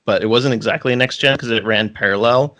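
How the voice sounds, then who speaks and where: A man's voice: medium pitch, fast talker, fairly bright tone. A man co-hosting a podcast, chatting casually and rambling with frequent restarts and filler words. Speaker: podcast co-host. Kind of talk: casual chat.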